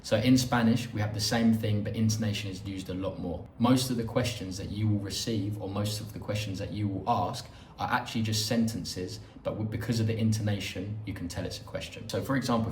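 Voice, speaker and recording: Male course instructor, explanatory, lowish voice, recorded a bit off-mic in a roomy space. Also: far from the mic, slight background noise. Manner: explanatory, demonstrates intonation examples. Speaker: language teacher. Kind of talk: recorded online course lesson.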